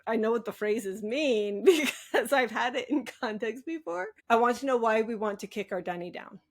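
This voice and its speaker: A woman's voice: on the high side, normal speed. A woman in her thirties, co-host and fantasy writer, chatting cheerfully and giggling often. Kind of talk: casual chat.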